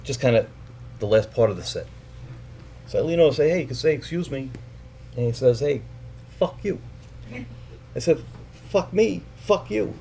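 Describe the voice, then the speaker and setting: A middle-aged man with a gravelly, medium-pitched voice tells a personal story live, animated and profane as he acts out its characters. When he turns to his family, he grows quiet and halting. Slight background noise is audible.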